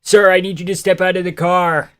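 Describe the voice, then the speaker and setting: A man putting on the voice of a shouting male police officer at a traffic stop, in an attempted Philadelphia accent. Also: little pitch movement, fairly quick. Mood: barking. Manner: barking, high-pitched commands.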